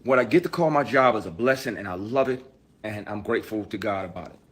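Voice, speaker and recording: A man from Michigan speaking emphatically and passionately, swinging between fired-up outbursts and quiet, grave statements. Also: on the low side, expressive, fast, breathy edge. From Michigan, USA. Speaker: actor. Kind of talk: impassioned spoken statement.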